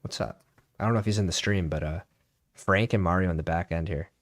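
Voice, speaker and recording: Low-voiced laid-back male guest. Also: no room sound. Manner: laid-back, agreeable, lots of quick yeahs and mm-hmms. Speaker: guest fantasy analyst. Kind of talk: casual chat while drafting.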